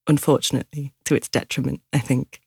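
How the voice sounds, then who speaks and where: Husky Geordie woman with a gravelly edge. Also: very deep voice, level tone, fast, mellow, no echo, clean studio sound. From Newcastle, England. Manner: chatty, self-mocking, laughs often. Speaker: singer-songwriter guest. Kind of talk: casual interview chat.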